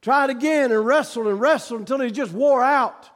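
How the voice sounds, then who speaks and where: A man preaching a sermon, telling a story that builds into shouted preaching. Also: extremely high pitch, normal speed.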